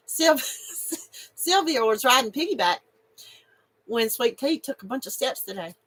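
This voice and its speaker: A woman's voice: fairly high pitch, bright, forceful tone, breathy edge, poor audio. A middle-aged woman, hosting a casual live stream and chatting with viewers, giggly and emotional and laughing often. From North Carolina, USA.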